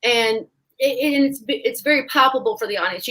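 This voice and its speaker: A woman with a somewhat high voice tells a stage story with animation. She acts out the voices of the people in her anecdote, chatting the way performers do in a live online talk. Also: normal speed, a bit bright, low-quality recording. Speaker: stage actress.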